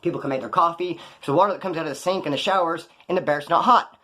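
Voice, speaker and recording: A man's voice: a little high, fast. A man telling stories from prison in a casual, slangy way, acting out the lines of the people in them. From California. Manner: slangy, animated, acts out other people's lines. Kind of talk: casual storytelling to camera.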